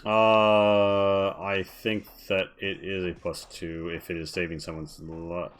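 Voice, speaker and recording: A man's voice: low-pitched, level tone, slow, clear, resonant tone. A man playing a tabletop game, talking casually and rambling with lots of fillers. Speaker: player.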